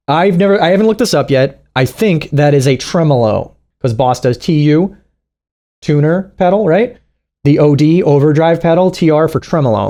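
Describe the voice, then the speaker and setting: A man's voice: fairly high pitch, warm tone. A man giving casual reaction commentary as a streamer, profane and mocking, laughing often.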